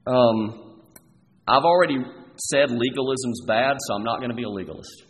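A man's voice: medium pitch, normal speed. A man preaching a sermon as pastor in a church, earnest and pressing his listeners with repeated rhetorical questions. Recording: long hall reverb, faint background noise.

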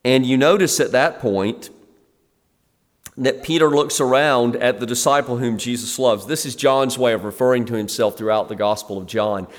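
A middle-aged man preaching an expository sermon, conversational and explanatory, sometimes acting out the scene in lively quoted asides. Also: medium pitch, moderate pace. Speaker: pastor. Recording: long hall reverb.

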